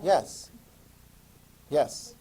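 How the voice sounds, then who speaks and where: Male teacher lecturing a class; lively, joking, questioning students. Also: very slow, low-quality recording. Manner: animated, talks to students, jokes and asks questions. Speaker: history teacher.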